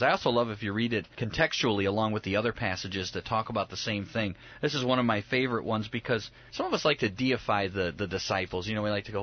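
A man's voice: fairly low pitch, brisk, dull audio. A man in a casual Bible discussion, talking animatedly and acting out the voices of the people in the stories. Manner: animated, acts out voices of biblical figures. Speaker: Bible study podcast co-host.

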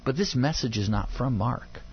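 A man's voice: medium pitch, normal speed, soft background music. A man teaching through a Bible passage in a conversational way, often acting out the people he quotes. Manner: animated, acts out quoted voices. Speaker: Bible teacher on a radio program. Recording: dull lo-fi sound.

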